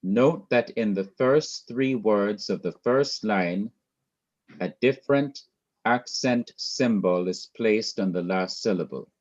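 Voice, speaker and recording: A man's voice: lowish voice, muffled recording. A man teaching a Hebrew class, laying out rules one by one in a methodical, repetitive way. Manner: slow, methodical, enumerating rules. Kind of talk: online class lecture.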